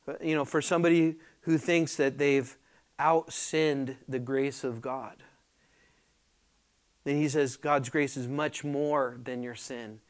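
A man preaching in a slow, deliberate way, his voice sitting a little higher than most men's. He talks through the passage conversationally, with fillers, then lifts into louder, emphatic reading of the verses. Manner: slow and deliberate, rising loudly when reading scripture aloud. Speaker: pastor. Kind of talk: sermon, verse-by-verse Bible teaching.

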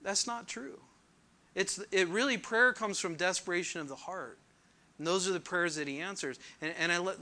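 A man gives a sermon in a high, piercingly bright voice. He speaks earnestly and poses rhetorical questions to his listeners. He slows down deliberately whenever he reads scripture aloud. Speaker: pastor.

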